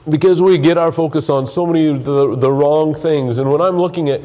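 A man preaches a sermon in a mellow, slightly high voice. He talks earnestly, with many restarts, and stops to read scripture aloud. His voice is wearing thin. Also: a little fast. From United States. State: losing his voice. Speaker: pastor.

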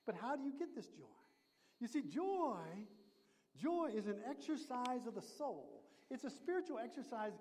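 A man preaching a sermon, emphatic, swinging between loud declarations and hushed asides. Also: very high-pitched, very animated, moderate pace, husky, in a large hall. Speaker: pastor.

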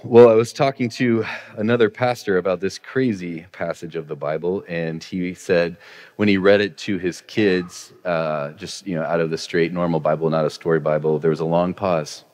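A man in his thirties preaches from the pulpit, his voice sitting on the low side. He talks casually and cracks little jokes before leaning hard into his main points, with a long reverb ringing through the church. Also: fairly even intonation, moderate pace, darkish tone. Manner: chatty, self-deprecating humor, builds to emphatic points. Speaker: pastor. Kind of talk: conversational sermon. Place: church sanctuary.

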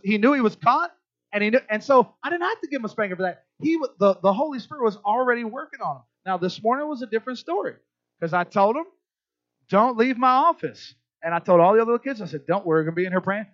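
A middle-aged pastor preaches rapid-fire in a high, slightly bright voice with big pitch swings. Chatty and conversational, he keeps checking in with the church crowd. The audio is dull, lo-fi and dry, with no room sound.

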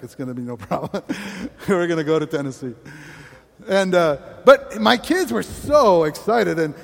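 A man preaching an energetic sermon as pastor, exclaiming and laughing often between lines. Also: a little high, big-room sound.

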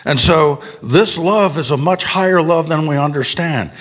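A pastor with a fairly bright voice on the high side preaches at a moderate pace to a congregation in a church sanctuary. His style is conversational, full of asides and tag questions.

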